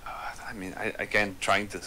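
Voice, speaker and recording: Male player, lowish bright voice, hesitant thinker, light hiss on the line. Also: flat delivery, poor audio. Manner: halting, thinks aloud while deciding moves. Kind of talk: casual chat, tabletop game play.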